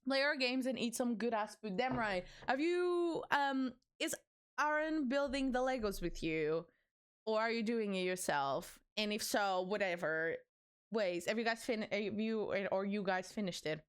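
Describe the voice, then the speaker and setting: Lively high-voiced woman streamer. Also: a little slow, clear, resonant tone. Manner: excitable, swears freely, laughs often, teasing. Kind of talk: casual livestream chat with viewers.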